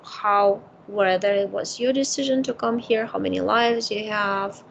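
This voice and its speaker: A woman's voice: mid-range voice, fairly even intonation, a little slow, gravelly, a bit bright, lo-fi sound, a little hiss or hum. A woman psychic consultant in a casual consultation, giving emphatic advice. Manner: emphatic, advising.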